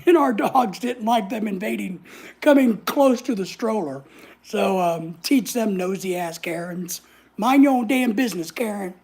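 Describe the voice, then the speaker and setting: Telling a story on her casual vlog, this woman is sassy and blunt, cursing freely and voicing other people's lines herself. She speaks at a medium pitch with lively intonation and an unhurried pace, her tone darkish with a breathy edge.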